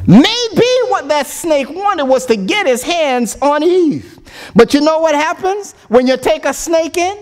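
A man's voice: very high voice, animated, a little slow. A man preaching a sermon as a church elder, earnest and reasoning aloud.

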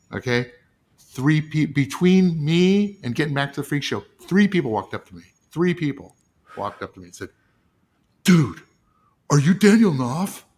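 An animated middle-aged man whose voice swings up and down as he tells a story, now and then laughing and acting out what people said. He sounds like a TV writer chatting loosely on a podcast. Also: fairly high pitch. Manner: animated, laughing storyteller who acts out quotes. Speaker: TV writer and producer, guest. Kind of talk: casual storytelling chat.

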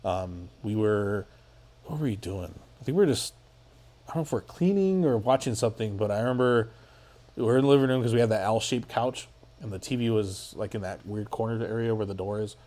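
A man's voice: on the low side, brisk, warm tone. A man guesting on a podcast, telling a story in a rambling, casual way full of filler words and swearing.

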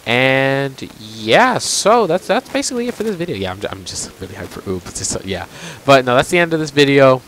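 A man's voice: medium pitch, a little fast, a little hiss or hum, rough recording. A young man giving casual, jokey commentary on his own gameplay, trash-talking the opponent and calling out "bro" a lot. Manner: animated, jokey trash talk at the game, frequent "bro". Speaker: gaming YouTuber.

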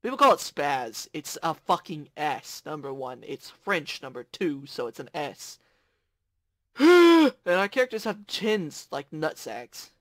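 A man hosting casual gameplay commentary, excitable, often screaming and swearing. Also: on the high side, unhurried, dry recording, studio quality. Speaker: gaming channel host.

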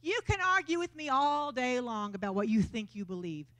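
This sermon comes from a Texan woman preacher whose voice runs on the high side and whose pace is moderate. She keeps it lively and conversational in church, acting out quotes along the way.

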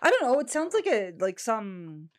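A woman's voice: a little high, very animated, moderate pace. A woman co-hosting a casual cocktail podcast, frank and chatty, swearing freely. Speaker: podcast co-host. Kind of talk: casual chat.

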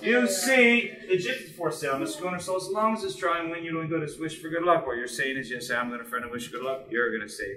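A man's voice: on the high side, fast talker, pushed and bright, echoey room, distant mic, low-quality recording. A man from Newfoundland with its accent, hosting a comic ceremony at a bar and drilling the crowd in local phrases. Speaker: bar host leading a screech-in ceremony.

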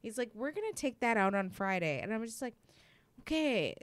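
A woman's voice: on the high side, a little fast, no room sound. A young woman telling a story in casual chat, acting out the people she quotes. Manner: animated, acts out quoted dialogue, heavy use of "like".

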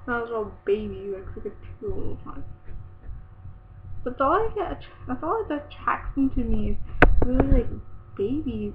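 A teenage girl rambles through a casual webcam vlog, giggling and exasperated. Her voice sits high, and the audio is tinny and phone-like with a faint hiss underneath. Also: animated, moderate pace.

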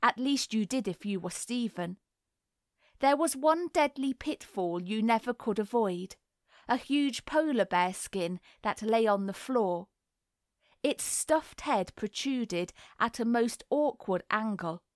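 A woman narrating a classic novel as an audiobook in a measured, unhurried reading. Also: a little high, expressive, no room sound, studio quality.

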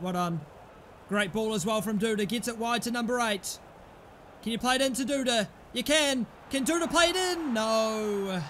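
A young man commentating his own football video game, excitable, groaning and then yelling at the play. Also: high-pitched, slight background noise. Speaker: gaming commentator. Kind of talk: live gameplay commentary.

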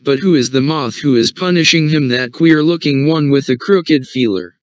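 Storybook part: an oily, flattering male moth, read by a male narrator, sugary manner, dull dry sound. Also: fairly high pitch, normal speed, no echo, lightly acted. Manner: sweet, ingratiating talk. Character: smooth-talking flattering male moth, rude.

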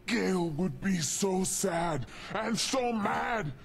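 A man's voice: high-pitched, lively intonation, slow, creaky, slightly rough, exaggerated voice. An actor playing a huge, angry male super mutant who speaks in broken sentences and refers to himself in the third person. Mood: pleading, worried. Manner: broken speech, referring to self in third person, shouting bursts. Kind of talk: video game dialogue.

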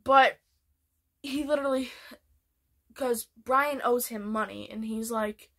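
Excitable bright-voiced woman vlogger. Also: on the high side, slow, pauses often. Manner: excitable, rambling, lots of fillers. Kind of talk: casual show ranking.

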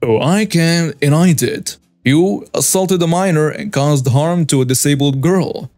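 A man reading the lines of a police commander and father, speaking calmly and firmly. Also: fairly high pitch, unhurried, faint music behind, lightly acted. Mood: stern. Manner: calm, firm, unwavering.

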